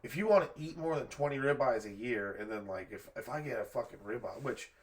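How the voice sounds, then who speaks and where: A man's voice: medium pitch, a little fast, a crowd in the background. A man co-hosting a podcast in casual chat, speaking hesitantly with many fillers. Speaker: podcast co-host.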